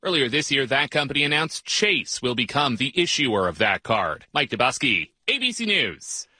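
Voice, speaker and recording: Brief: male correspondent, very sharp bright tone, dry booth sound. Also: mid-range voice, sing-song, moderate pace, breathy edge, no room sound. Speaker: news correspondent. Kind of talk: radio news report.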